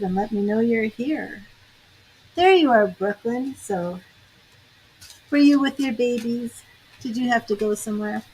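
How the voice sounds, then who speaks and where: A woman's voice: a little high, darkish tone, breathy edge, poor audio. A woman tarot reader and psychic medium chatting on a livestream, laughing often and greeting viewers by name. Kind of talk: casual livestream chat.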